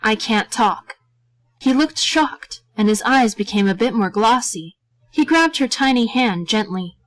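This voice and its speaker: A woman reading a story aloud as narrator in a steady, gentle way. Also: a little high, a little slow, dry recording, rough recording.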